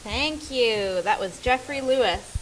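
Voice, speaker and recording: A woman's voice: fairly high pitch, lively intonation, slow pace, heavy background noise. A woman hosting a live art event, casually introducing pieces and reading descriptions aloud. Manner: informal, introduces and reads descriptions. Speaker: event host. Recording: live venue with crowd.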